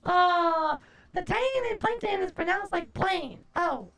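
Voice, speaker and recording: A woman streamer chatting casually, answering chat aloud, groaning, swearing and expressive. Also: extremely high pitch, slow pace, gravelly, pauses often. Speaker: livestreamer.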